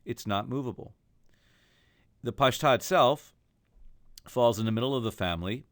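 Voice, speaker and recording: A man's voice: medium pitch, moderate pace, a bit bright, no echo, studio quality. A man teaching a recorded lesson on chanting Torah trope, explaining each mark and then singing the examples.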